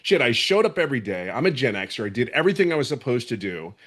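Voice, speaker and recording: A man's voice: mid-range voice, sing-song, fast talker, a bit bright. A man in his fifties giving an emotional, fervent testimonial on a webinar from home, earnest and often restarting his sentences. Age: 50s.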